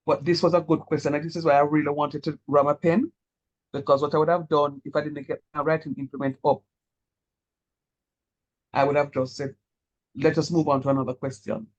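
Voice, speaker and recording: Male math lecturer, husky, slightly high voice, patient and encouraging. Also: level tone, muffled recording. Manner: encouraging, repeats key points slowly. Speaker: calculus lecturer.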